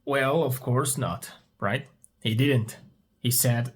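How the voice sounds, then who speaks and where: A man with Turkish as his first language runs story-based English speaking practice by asking questions, saying each twice, and supplying the answers himself. His mid-range voice is slightly rough and unhurried.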